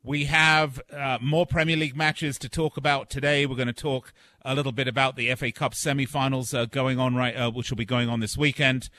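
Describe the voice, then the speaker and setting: A man's voice: mid-range voice, fairly quick, no echo. A man hosting a sports talk radio show, chatty and hyped, with frequent "uh"s. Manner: lively, hyped plugs with filler "uh"s.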